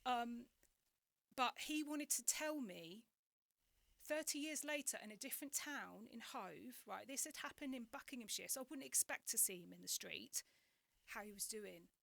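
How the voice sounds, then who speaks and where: A woman's voice: fairly high pitch, normal speed, creaky, dry recording. A woman in her forties with an English accent, a podcast guest telling a personal story in candid conversation and acting out the exchanges she remembers. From England. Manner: animated, acts out remembered exchanges, restarts often.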